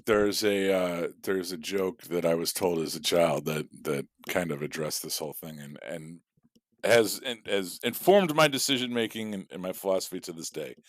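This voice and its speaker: A man with a very low voice telling a long story on a casual podcast. He rambles, swears freely and fills his pauses with ums and uhs. The sound is dry and close, with no room around it. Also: dry recording. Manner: rambling storyteller with profanity and many fillers. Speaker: podcast co-host.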